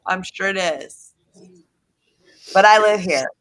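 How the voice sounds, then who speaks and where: A woman's voice: mid-range voice, takes it slowly, fairly bright tone, low-quality recording. A woman co-hosting a podcast in casual chat, making blunt, dry remarks.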